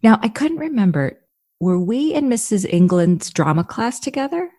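A woman's voice: on the high side, very animated, moderate pace, warm tone, no room sound, studio quality. A woman from New Jersey, an actress, talking as an interview guest; she tells stories and laughs easily. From North New Jersey. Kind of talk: casual conversational interview.

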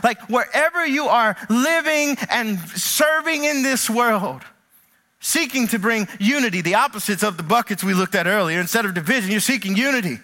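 A man with a high, bright voice preaches a sermon as pastor. He speaks earnestly and tells stories with lively energy. On his key phrases he sinks low and slows down. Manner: animated storytelling with acted quotes.

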